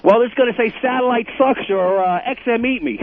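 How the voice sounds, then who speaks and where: A man's voice: extremely high pitch, a little fast, a little hiss or hum. A man calling in to a radio show, rambling with goofy suggestions over the phone. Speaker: regular caller. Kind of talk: call-in chat. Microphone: telephone. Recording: tinny dry phone line.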